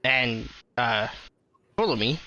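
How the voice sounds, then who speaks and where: A man voicing a male dwarf librarian who talks in a brisk, matter-of-fact way. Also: mid-range voice, expressive, pushed and bright, no echo, muffled recording. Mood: explaining.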